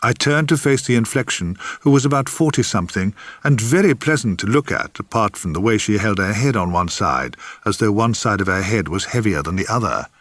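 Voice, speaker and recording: A man's voice: on the low side, lively intonation, brisk, few pauses, a bit bright, no echo. An older man reading his own memoir aloud with a dry, wry, theatrical storytelling manner. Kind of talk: memoir audiobook narration.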